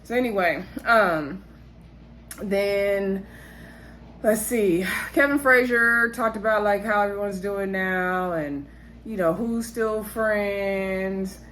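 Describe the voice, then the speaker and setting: A woman's voice: mid-range voice, slow pace, fairly bright tone, a little hiss or hum. A woman giving a casual, chatty recap of a reality show episode, speaking straight to her viewers and laughing often.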